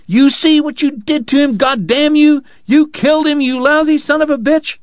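A man's voice: extremely high pitch, fairly even intonation, normal speed, dry recording, lo-fi sound, pitched above the performer's own voice. A man voicing a frantic young woman who screams and curses in hysterical fury.

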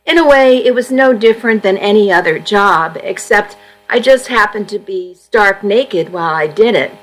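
A woman volunteer reading a first-person magazine story aloud for a radio reading service, in a steady, unhurried storytelling manner. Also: mid-range voice, soft background music, low-quality recording.

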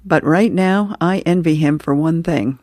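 A woman's voice: deep voice, a little slow, warm tone, dry recording, studio quality. A woman reading aloud the lines of a tired office worker talking to his boss. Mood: wistful. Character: weary male office worker.

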